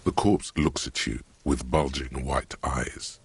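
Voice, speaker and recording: A man narrating a video game in a measured, grim, gravelly voice. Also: fairly even intonation, a little hiss or hum, full character voice. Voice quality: gravelly, deep.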